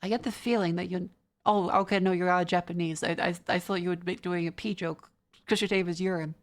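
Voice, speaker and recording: A young Australian woman chats casually with viewers on a live stream, reading their messages aloud and often stumbling and starting over. Her voice is lowish and fairly even in intonation, and she speaks fairly quickly.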